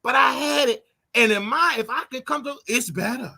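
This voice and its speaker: A man's voice: very high voice, moderate pace, creaky, pushed and bright, breathy edge. A man ranting casually on a livestream in a flamboyant, sing-song way, with sudden yelps and laughter. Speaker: online preacher commentator.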